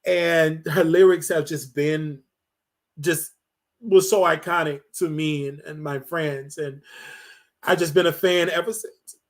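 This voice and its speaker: A man in his thirties from Chicago, hosting his show and speaking in a tearful, halting monologue full of fillers and restarts. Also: a little high, fairly even intonation. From Chicago, USA. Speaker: show host. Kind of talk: emotional personal monologue.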